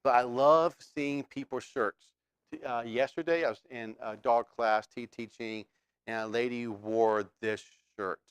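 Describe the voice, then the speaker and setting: A man's voice: medium pitch, fairly even intonation, measured pace, clean tone, dry recording. A man preaching a sermon as pastor, talking conversationally and asking the congregation questions.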